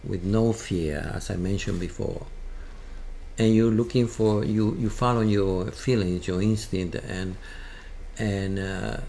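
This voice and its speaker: A man with a Spanish accent, a guest telling a halting, animated story in an interview. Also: on the low side, vocal fry. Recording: faint background noise.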